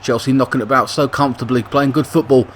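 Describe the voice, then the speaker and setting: Gaming commentator, male, middle pitch, chatty with sudden excited bursts, light noise under the voice. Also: fast talker. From Britain. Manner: excitable bursts on attacks, chatty asides and self-corrections. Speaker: gaming YouTuber commentating a football sim. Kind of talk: casual play-by-play game commentary.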